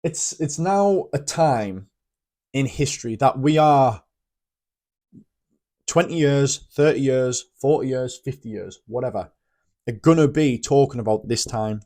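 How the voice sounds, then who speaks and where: A man's voice: mid-range voice, dark tone. A British man talking to camera in a casual opinion vlog, rambling and blunt, often restarting his sentences and swearing freely. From Britain. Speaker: vlogger.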